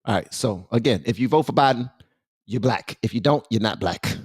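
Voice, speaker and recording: A man's voice: medium pitch, expressive, moderate pace, darkish tone, husky, no echo, clean studio sound. A man hosting casual political commentary, joking and using slang as he talks straight to his viewers.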